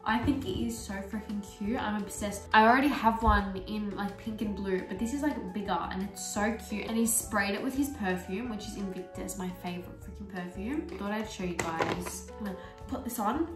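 A young woman chatting casually while doing her makeup, full of "like" fillers and lively storytelling. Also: mid-range voice, normal speed. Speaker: beauty vlogger. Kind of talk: casual get-ready-with-me chat. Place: small bedroom filming setup. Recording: roomy echo, mic at a distance, soft music.

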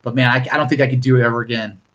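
A young man from Northern California hosts a casual live stream, chatting loosely and rambling with viewers and often restarting his sentences. He talks very fast at medium pitch with little pitch movement, and the recording sounds muffled.

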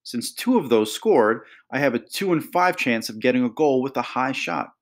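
A man voicing an eager young boy who loves numbers, talking excitedly and explaining. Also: mid-range voice, normal speed, lightly acted.

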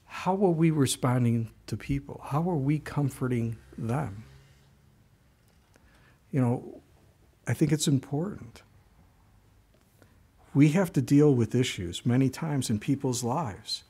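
A man's voice: mid-range voice, slow pace, pauses often, mellow, breathy edge. An older man preaching a sermon in a conversational way, with frequent asides and restarts. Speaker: pastor.

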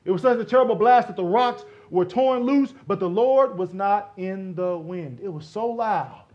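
A man preaching a sermon as pastor, swinging from loud exclamations to hushed near-whispers and playfully acting out imagined voices. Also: sits high, lively intonation, normal speed, muffled recording. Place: church sanctuary.

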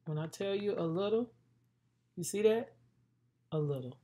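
A woman's voice: fairly low pitch, expressive, moderate pace, noisy background. A woman vlogging her makeup routine in a playful, chatty way, talking straight to her viewers. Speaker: beauty vlogger. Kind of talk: casual makeup tutorial chat.

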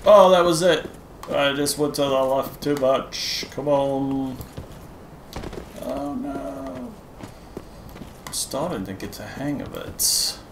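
A man's voice: medium pitch, takes it slowly, long pauses. A man hosting a gaming channel, chatting casually and poking fun at himself to viewers as he plays. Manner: self-deprecating, chatty, talking to viewers. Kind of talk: casual gameplay commentary. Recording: echoey room with noise.

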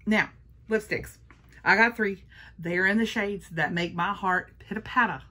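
A woman's voice: medium pitch, a little slow, bright, forceful tone. A woman chatting casually through a makeup haul, gushing and repeating her praise. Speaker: beauty vlogger.

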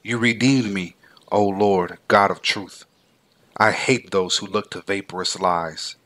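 A man giving a measured, solemn scripted reading of scripture. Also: deep voice, fairly even intonation, fairly bright tone. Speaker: scripture reader.

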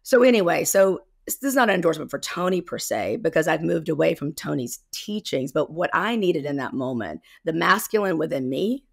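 A woman's voice: deep voice, very animated, brisk, gravelly, hardly any pauses, no room sound, clean studio sound. A woman in her fifties from South Carolina with a Southern accent, talking candidly and rambling a little as a guest over a video call. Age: 50s. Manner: candid, rambling, self-correcting. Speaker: guest, embodiment coach. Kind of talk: casual interview.

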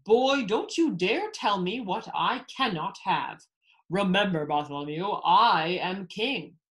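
A woman's voice: medium pitch, lively intonation, slow. A woman reading as a bellowing old king. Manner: loud, bellowing storybook voice. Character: grumpy demanding old male king.

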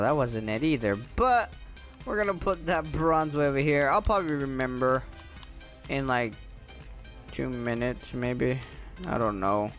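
On his own gaming channel, a young man with a voice on the high side gives casual, excitable commentary as he plays. He tends to say his exclamations more than once.

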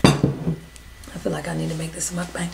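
A woman's voice: low voice, completely flat delivery, moderate pace, gravelly, noisy background. A young woman hosting a reaction video, talking in casual slang, swearing and laughing as she comments and snacks.

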